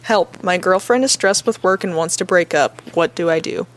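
A woman's voice: on the low side, normal speed. A young woman co-hosting a podcast, reading listener questions aloud and giving earnest, supportive advice in a casual tone. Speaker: podcast co-host.

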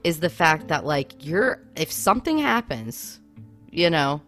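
A woman's voice: low-pitched, a little slow, soft background music. A woman co-hosting a casual chat, telling a spooky travel story with lots of "I mean" and "like". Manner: animated, lots of fillers like "I mean". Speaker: podcast co-host.

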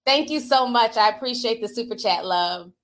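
A middle-aged woman from the Midwest hosting a casual livestream, reading super chats in a playful, slangy, animated way and laughing often. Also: on the high side, normal speed. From Minnesota.

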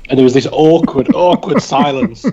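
A man's voice: a little high, normal speed, mellow, muffled recording. A man, a podcast co-host telling wry, self-deprecating anecdotes in a casual way. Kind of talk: casual storytelling.

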